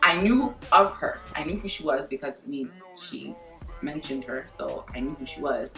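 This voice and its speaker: A young woman tells a storytime vlog in an animated, profane way and acts out the lines people said. Her voice sits a little low and sounds far from the mic. The room is echoey, with faint music underneath. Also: normal speed. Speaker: vlogger.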